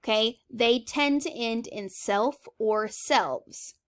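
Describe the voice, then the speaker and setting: A woman's voice: a little high, slow pace, a bit bright. A woman teacher giving a recorded grammar lesson. She talks in a chatty, emphatic way, with examples and frequent "okay?" check-ins.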